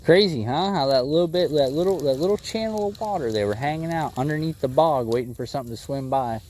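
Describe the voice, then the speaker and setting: A man livestreaming bass fishing from a boat on a lake, chatting with viewers in an easygoing way and talking excitedly to the fish as he reels it in. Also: fast. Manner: excitable, talks to the fish and chat. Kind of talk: casual live commentary while fishing.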